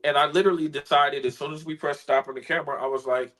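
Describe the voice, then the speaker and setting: A man, a spoken word artist, telling an emotional personal story in an earnest, heartfelt way, sometimes soft-spoken. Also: mid-range voice, steady tone, quick pace, rough recording.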